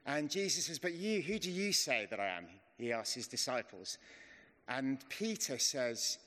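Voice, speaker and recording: Guy giving a casual sermon, a bit high voice, jokes at himself, big hall reverb. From England. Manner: chatty and self-deprecating, slows to a hush in prayer. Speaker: preacher. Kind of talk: informal sermon. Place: church hall. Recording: long reverb of a church hall.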